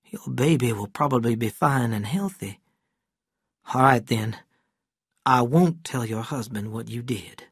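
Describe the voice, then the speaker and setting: A reader voicing a stern but kindly male country doctor, firm at times and hushed at others, in a storybook reading. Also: mid-range voice, a little slow, breathy edge, no echo, clean studio sound. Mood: gentle.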